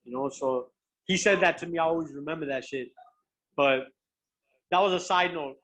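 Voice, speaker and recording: A young man, a professional fighter, chatting as a guest and telling stories in an animated, profane way, often restarting his sentences. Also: fairly high pitch, moderate pace. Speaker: guest, pro MMA fighter. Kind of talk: casual chat, storytelling.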